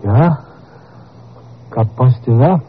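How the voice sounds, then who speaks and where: A frightened, simple-minded country boy who stammers and pleads, his voice husky and breathy as he drags his words out slowly. The sound is dull and lo-fi, like an old radio broadcast, with the halting delivery of a 1950s radio play. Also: mid-range voice. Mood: timid. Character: frightened simple-minded rural young man. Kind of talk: 1950s radio drama acting.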